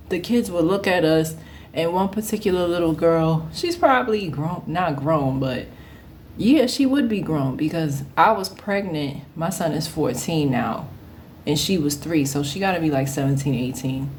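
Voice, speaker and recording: A woman in her thirties telling a casual story, animated and often laughing as she acts out the people in it. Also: sits low, moderate pace, a little hiss or hum. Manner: animated, acts out quoted voices. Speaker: vlogger.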